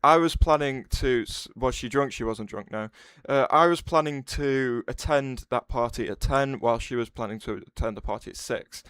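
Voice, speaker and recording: A man streaming live and chatting loosely with his viewers, often breaking off mid-sentence to start over. His voice is smooth and clean, and it is recorded dry and close with no room sound. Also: medium pitch, moderate pace, few pauses, a bit bright, no echo. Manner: rambling, restarts sentences, answers chat aloud. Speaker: livestreamer. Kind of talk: casual livestream chat.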